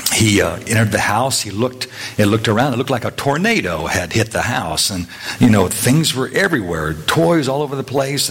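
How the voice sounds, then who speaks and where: A middle-aged man giving a conversational sermon, telling homely stories in a halting way with many fillers and restarts. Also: on the low side. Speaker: preacher.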